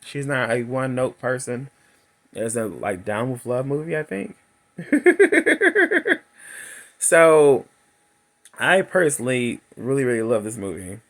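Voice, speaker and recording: Man in his thirties, casual movie review vlog, chatty, lively swooping pitch, mid-range voice. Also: slow pace, pauses often. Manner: chatty and animated, acting out quotes in a high voice, laughing.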